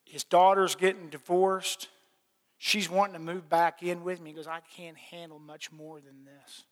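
A man's voice: high voice, flat delivery, normal speed. A middle-aged man preaching a plainspoken sermon, telling his own story with folksy repeats and little laughs. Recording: long hall reverb.

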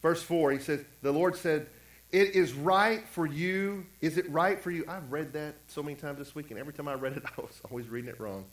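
A man's voice: a little high, quick pace, hardly any pauses, roomy sound, rough recording. A man pastor preaching a conversational sermon, acting out quotes and repeating phrases. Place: church.

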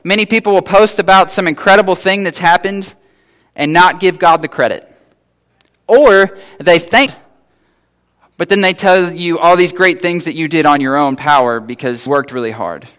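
A man's voice: high-pitched, moderate pace, a bit bright, smooth. A man preaching a sermon in a conversational way, retelling scripture and acting out the people in it in casual voices. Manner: conversational, acts out biblical figures in casual voices. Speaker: pastor.

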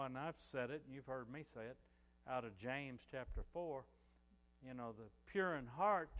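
A man's voice: medium pitch, long reverb tail. Older male pastor, conversational sermon. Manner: conversational preaching, frequent "you know" fillers.

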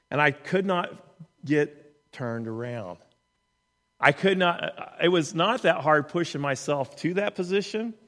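A man's voice: a little high, a bit bright. Earnest man telling a story in a reverberant hall. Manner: earnest, conversational, with many restarts. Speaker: speaker telling a personal story. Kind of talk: storytelling in a talk.

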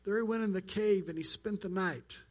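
A man's voice: high voice, moderate pace. A man preaching a sermon as pastor, earnest and conversational, acting out quoted lines.

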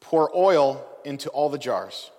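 A man voicing a calm, directive old prophet giving instructions within a sermon. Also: mid-range voice, measured pace, pitched below the performer's own voice. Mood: instructive. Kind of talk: acted quote in a sermon. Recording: long hall reverb.

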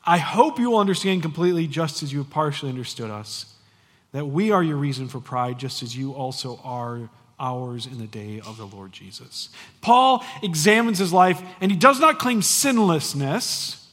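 A man in his forties preaching a sermon as pastor, emphatic and animated with casual conversational asides. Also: a little high, normal speed, big-room sound.

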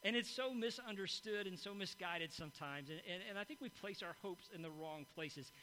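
Middle-aged male pastor, high bright voice, chatty sermon storyteller, faint hum. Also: fairly quick, rough recording. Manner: conversational storytelling, frequent "right?" asides. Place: church hall before a congregation.

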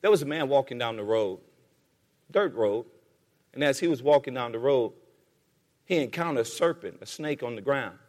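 A man's voice: high voice, in a large hall. A man preaching a sermon in a church, rhythmic and repetitive, calling on the congregation to respond. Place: church sanctuary.

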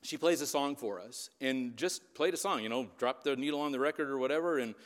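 In a large hall with long reverb, a fifties-aged preacher and youth leader from the Upper Midwest tells a sermon story, frequently checking in with the congregation. He speaks a little fast in a mid-range voice.

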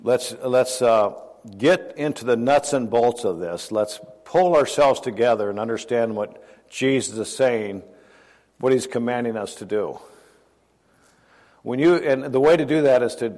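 An older man preaches a sermon conversationally, putting questions to his listeners and chuckling often. His medium-pitched voice is a little mellow, and the recording carries a long hall reverb.

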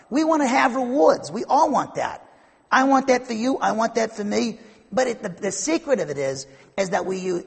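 A man's voice: high voice, vocal fry, breathy edge, big-room sound. A man preaching an expository sermon to his congregation, with an emphatic delivery that rises and falls. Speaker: pastor.

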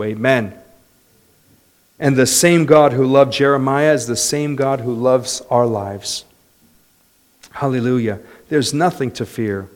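A man preaching a sermon, moving between quiet, low passages and loud, lively ones, with laughter. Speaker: pastor.

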